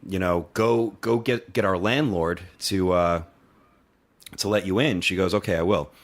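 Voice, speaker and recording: Lively low-voiced man telling a story. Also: normal speed. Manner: animated, acts out quotes, swears freely. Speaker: podcast co-host. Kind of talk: casual storytelling chat.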